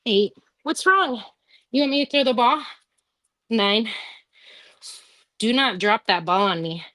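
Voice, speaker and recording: A woman's voice: on the high side, animated, slow pace, fairly bright tone. A woman leading a live home workout class, counting reps and cueing breaths in a chatty way, with asides to her dog. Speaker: fitness instructor.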